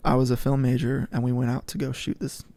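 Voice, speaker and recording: A man's voice: mid-range voice, level tone, quick pace, gravelly, dark tone, no room sound. A young man in his twenties co-hosting a casual faith podcast, telling stories earnestly and often repeating words as he thinks. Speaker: podcast co-host.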